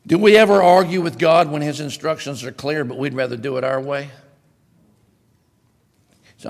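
A male pastor preaching a sermon in an animated, conversational way, with sudden loud bursts. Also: a little high, moderate pace, pauses often, long reverb tail.

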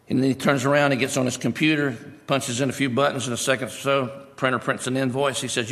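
A man's voice: mid-range voice, little pitch movement, fast, hardly any pauses, a bit bright. A male preacher giving a sermon, emphatic, repeating his key phrases. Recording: long hall reverb.

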